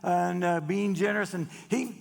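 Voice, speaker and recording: A man telling folksy jokes to a gathering, chatty with drawn-out pauses and frequent restarts. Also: sits high, vocal fry. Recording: long hall reverb.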